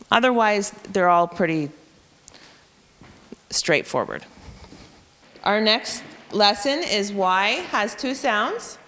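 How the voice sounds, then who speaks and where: Smooth-voiced woman explaining reading rules. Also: medium pitch, fairly bright tone, big-room sound. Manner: patient, step-by-step explaining. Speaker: teacher. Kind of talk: explaining a reading lesson to educators.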